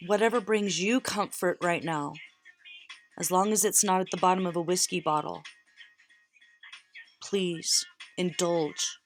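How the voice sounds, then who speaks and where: A woman reads tarot cards in an earnest, emotional voice that sits a little low. She repeats phrases for emphasis and sounds close to tears. Soft music plays faintly behind her. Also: a little slow, long pauses. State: near tears. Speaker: tarot reader. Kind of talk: tarot reading.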